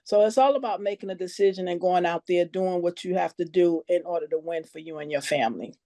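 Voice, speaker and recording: A woman speaks earnestly on a team call, plain-spoken and a little nervous. Her voice is mellow and mid-pitched. The sound is dry and close. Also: fast talker, dry recording. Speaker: guest team member sharing her story. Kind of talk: casual testimonial on a conference call.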